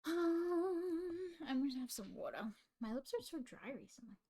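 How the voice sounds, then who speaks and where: A woman's voice: very high voice, lively intonation, moderate pace, mellow. A young woman, livestreaming casually while she studies, rambling to her chat and reading notes aloud into a desk microphone. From Australia.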